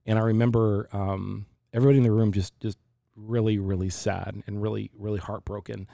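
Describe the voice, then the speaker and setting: A man in his forties talking about faith and grief in a reflective, halting way, often restarting his sentences. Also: fairly low pitch, level tone, gravelly, mellow, dry recording, studio quality. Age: 40s. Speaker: pastor. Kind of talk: casual faith discussion.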